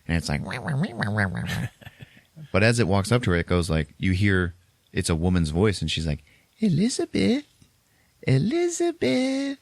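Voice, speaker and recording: A man hosting a podcast and recapping a horror film in a casual way, animated and laughing often. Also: low voice, dry recording. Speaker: podcast host.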